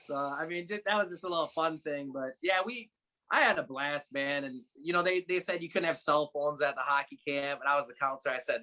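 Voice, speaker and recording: A young man with a fairly high voice chats as a podcast guest. He tells his stories in a loose, rambling way, full of fillers and restarts. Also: a little fast. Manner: relaxed storytelling with frequent fillers and restarts. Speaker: guest, former college hockey player. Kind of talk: casual interview chat.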